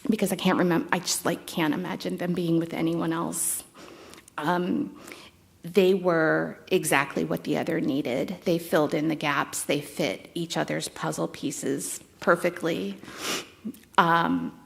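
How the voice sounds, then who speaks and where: A woman in her fifties giving a eulogy for her stepfather, conversational and halting, with fond, wry asides. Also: sits low, steady tone, vocal fry. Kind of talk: memorial eulogy.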